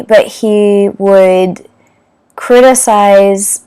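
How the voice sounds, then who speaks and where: A woman's voice: medium pitch, unhurried, darkish tone. A Canadian woman in her thirties telling a personal dating story to camera in a candid, rambling way, with many fillers and restarts. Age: 30s. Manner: candid, rambling, with frequent fillers and self-corrections. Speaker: vlogger.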